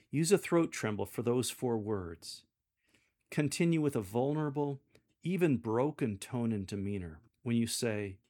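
Slow, measured man coaching scripture readers. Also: mid-range voice. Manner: measured, deliberate delivery. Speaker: lector coach. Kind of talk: instructional coaching on scripture reading.

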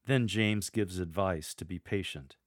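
A middle-aged man teaching church lectors how to proclaim a reading, measured and deliberate, pausing to model the lines. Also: deep voice, dry recording, studio quality. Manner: measured, demonstrates readings aloud with deliberate pauses. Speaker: lector coach. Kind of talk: instructional podcast on scripture reading.

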